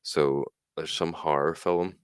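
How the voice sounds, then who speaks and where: A man's voice: extremely low pitch, steady tone, slow, smooth, no room sound, clean studio sound. A man, co-hosting a podcast in casual, sweary banter and acting out quotes. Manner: swears a lot, acts out quotes with mock voices. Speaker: podcast co-host.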